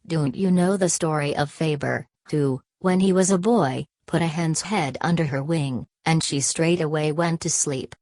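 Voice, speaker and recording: A woman reading the part of a confident gentleman explaining things. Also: deep voice, unhurried, hardly any pauses, no echo.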